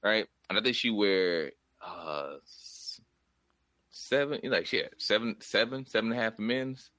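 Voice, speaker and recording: A man with a lowish, bright voice tells a story to friends in a loose, rambling way. The sound is dry and close. He keeps it casual. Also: measured pace, no echo. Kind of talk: casual chat.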